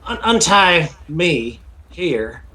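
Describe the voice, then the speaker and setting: A man's voice: fairly high pitch, very animated, bright, forceful tone. A man playing a tabletop game, thinking aloud and describing his character's actions. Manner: halting, thinks aloud with fillers. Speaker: player.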